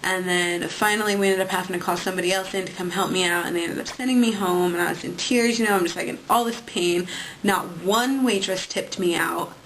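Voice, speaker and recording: A woman's voice: lowish voice, brisk, fairly bright tone, slight background noise, rough recording. Chatty young woman venting to webcam. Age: 20s. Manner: chatty, peppered with "like" and swearing. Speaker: vlogger. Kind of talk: casual venting monologue.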